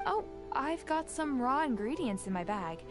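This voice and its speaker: A woman's voice: sits high, big pitch swings, moderate pace. A woman voicing a friendly, helpful female survival expert in a video game, giving upbeat advice. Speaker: game character. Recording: loud game music underneath. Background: game music.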